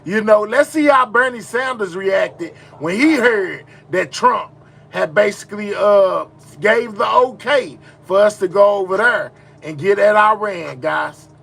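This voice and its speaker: A man's voice: high-pitched, expressive, unhurried, vocal fry, a bit bright, husky. A man hosting a casual live reaction stream, exclaiming and talking straight to his viewers. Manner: chatty, exclaims and talks to viewers. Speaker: livestream reaction host.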